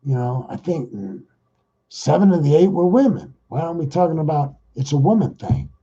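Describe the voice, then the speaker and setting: A man's voice: on the high side, animated, dark tone, slightly rough, lo-fi sound. A man hosting his own podcast, talking in a rambling, exasperated political monologue. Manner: rambling, exasperated, talks fast. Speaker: podcast host.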